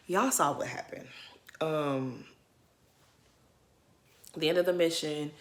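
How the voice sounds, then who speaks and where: A woman talking through a reality show episode in loose, animated commentary. Her voice sits a little low but comes out bright and forceful. She leans hard on her points and breaks into laughter often. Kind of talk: casual commentary.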